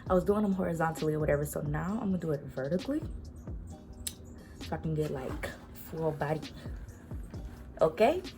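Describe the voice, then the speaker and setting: Young female vlogger, casual and slangy, lowish gravelly voice, music clearly playing behind. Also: lively intonation, fairly quick, long pauses. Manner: chatty, slangy, laid-back. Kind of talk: casual chat to camera. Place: her bedroom at home.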